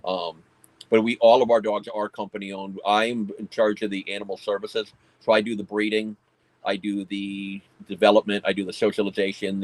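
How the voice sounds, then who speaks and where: A man with a lowish voice talks plainly and matter-of-factly about running a pest control business with working dogs. The sound is dry and close, with little room around it. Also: no room sound, low-quality recording. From United States. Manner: plain, matter-of-fact explaining. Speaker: pest control company owner and dog handler. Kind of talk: casual conversational interview.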